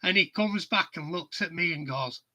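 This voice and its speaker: A man's voice: a little high, moderate pace, bright, forceful tone, slightly rough. A middle-aged man, hosting a casual chat stream and telling anecdotes that he laughs at. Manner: chatty storyteller, laughs at his own anecdotes. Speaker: livestream host.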